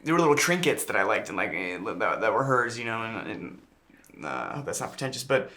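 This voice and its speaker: Halting bright-voiced young man. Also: lowish voice, big pitch swings. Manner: halting, self-correcting, searching for words. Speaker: actor. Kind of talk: press junket interview.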